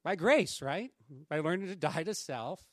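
Middle-aged male pastor, conversational sermon delivery, slightly high voice, dry close mic. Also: normal speed, no room sound. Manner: conversational and anecdotal, with asides to the congregation; acts out quoted voices in lively raised tones.

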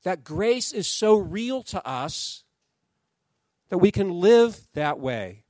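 High-voiced man preaching, dry close sound. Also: slow, dry recording. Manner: animated preaching, acts out quoted voices. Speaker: pastor. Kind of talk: sermon.

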